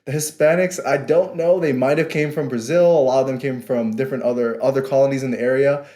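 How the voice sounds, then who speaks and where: A man's voice: medium pitch, steady tone, quick pace, mellow, roomy sound. A young man, a podcast guest telling stories in a casual, amused way with frequent laughs. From Queens, New York. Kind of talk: casual interview chat.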